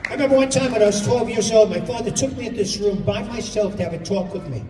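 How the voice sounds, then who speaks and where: A middle-aged man doing stand-up comedy, telling family stories in an animated way on a stage in a large hall. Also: high-pitched, fast talker, recorded from a distance, crowd noise, background noise. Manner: animated storytelling, playing family members. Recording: echoey hall from afar, audience laughter.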